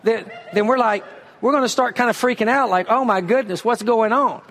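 A man preaching a sermon, reading scripture slowly and pressing his points with emphasis. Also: extremely high pitch, a bit bright, big-room sound. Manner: emphatic preaching, reads scripture slowly, uses a volunteer for a demonstration. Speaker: pastor.

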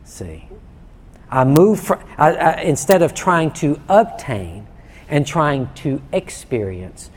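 A man preaching a sermon in a conversational way, often restarting and stammering, warming up as he goes. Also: on the high side, big pitch swings, takes it slowly. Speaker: pastor.

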